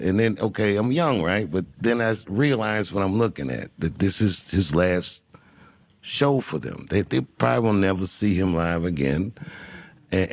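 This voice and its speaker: Man, very low voice, gravelly, musing comedian, unhurried storytelling, interview guest. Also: darkish tone. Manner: unhurried, musing, with frequent restarts.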